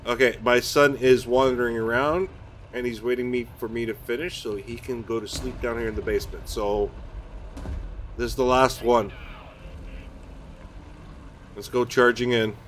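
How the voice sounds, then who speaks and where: A man's voice: medium pitch, steady tone, normal speed, long pauses, slight background noise. A man, streaming a tank game from his home basement, chatting casually with viewers, mocking himself and swearing when things go wrong. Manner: chatty, self-mocking, swears and blurts out during play. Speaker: gaming streamer. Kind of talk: casual live-stream commentary while playing.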